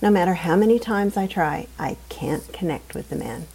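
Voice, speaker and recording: Woman reading a funny novel aloud, deadpan and wry, husky kinda dark voice. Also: on the low side, moderate pace, low-quality recording. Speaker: audiobook narrator. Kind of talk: first-person scripted narration.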